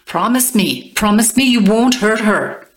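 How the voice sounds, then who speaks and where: A woman reading aloud and voicing a sharp, frightened older woman patient in a hospital bed. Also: medium pitch, animated, unhurried, voice pushed up, close to an everyday voice. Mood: pleading. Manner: snappish then pleading.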